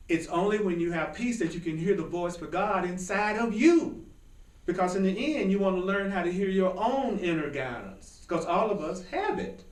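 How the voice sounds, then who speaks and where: A man teaching a small spiritual class in an informal, animated way, often laughing and joking. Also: on the high side, roomy sound, distant mic, poor audio. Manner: animated, laughing, jokey asides.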